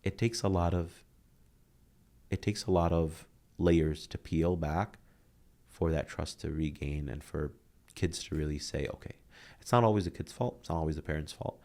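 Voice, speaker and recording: On a candid podcast, a guest motivational speaker in his thirties shares earnest stories, animatedly performing the quoted lines. His voice is a low rumble with vocal fry, at a moderate pace.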